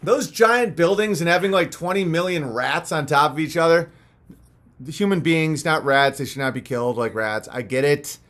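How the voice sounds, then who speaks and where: A man's voice: fairly high pitch, normal speed, fairly bright tone. A young man hosting a livestream, rambling in a profane, mocking rant. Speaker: livestream host. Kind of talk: ranting livestream monologue.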